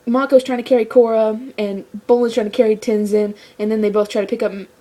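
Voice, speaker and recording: A woman giving a casual episode review, rambling and excitable, with lots of "like" fillers. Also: a little high, fast talker. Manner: rambling, excitable fan talk with many "like" fillers. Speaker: show reviewer.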